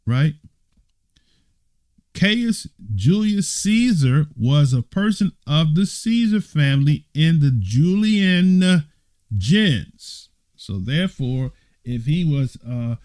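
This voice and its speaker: A man's voice: mid-range voice, darkish tone, no room sound. A man teaching a Bible study. He reads passages aloud and breaks off for teasing, mock-surprised asides with laughter.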